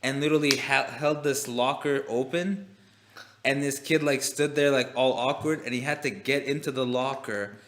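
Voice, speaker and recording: A man's voice: mid-range voice, steady tone, normal speed, fairly bright tone, roomy sound, slight background noise. A man co-hosting a casual podcast, rambling through a story with lots of fillers and swearing. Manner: rambling, profane, full of "like" fillers. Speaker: podcast co-host.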